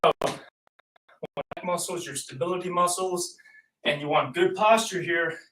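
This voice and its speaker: A man's voice: on the high side, fairly even intonation, unhurried, roomy sound, recorded from a distance, background noise. A man, a chiropractor, demonstrating exercises in an upbeat coaching manner while slightly out of breath. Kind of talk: instructional exercise demo.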